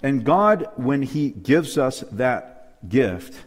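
With a big-room sound, a man delivers a sermon-style Bible lesson in a church hall to people present and watching online. His medium-pitched voice is very animated yet extremely slow, and he emphatically asks rhetorical questions and calls for amens.

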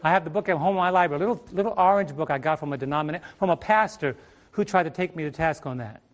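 High-voiced man preaching a Bible study. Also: racing. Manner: rhetorical questions and repeated phrases. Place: TV ministry stage.

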